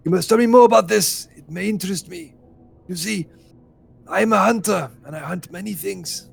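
A courteous, guarded hunter of monsters, as a man plays him in a tabletop role-play. The voice sits high and heavily gravelly, with formal, measured phrasing. Faint music plays underneath.

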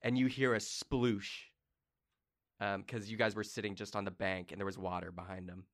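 A man's voice: fairly low pitch, flat delivery, normal speed. A man narrating as game master in a tabletop game, dramatic and playful.

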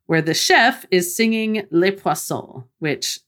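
Chatty lower-voiced woman co-host. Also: expressive, takes it slowly, fairly bright tone. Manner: chatty, enthusiastic, laughs easily. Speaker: podcast co-host. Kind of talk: casual movie recap chat.

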